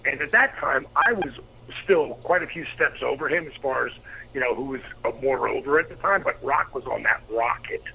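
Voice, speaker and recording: A middle-aged man, a former pro wrestler, telling profane, animated anecdotes as an interview guest. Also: mid-range voice, normal speed, gravelly, slightly rough. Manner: profane, animated storyteller acting out quotes. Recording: slightly dull lo-fi recording.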